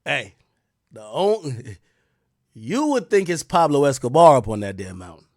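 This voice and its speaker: A man hosting a live stream, telling a story in a profane, excitable way that swings from loud outbursts to low mutters. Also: measured pace, dry recording, studio quality. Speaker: streamer host.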